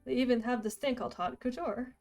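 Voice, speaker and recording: A woman's voice: on the high side, steady tone, a little fast, a little mellow, faint music behind, natural voice. A woman reading a friendly young farmhand. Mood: easygoing. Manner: reading rhymed lines aloud in her own voice. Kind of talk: reading a video game's dialogue aloud.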